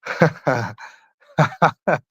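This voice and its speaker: A man's voice: a little high, drawn-out words, husky, no echo, highs cut off. A young man from London chatting on a livestream, crude, taunting and repeating himself as he answers viewers. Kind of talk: casual chat answering viewers.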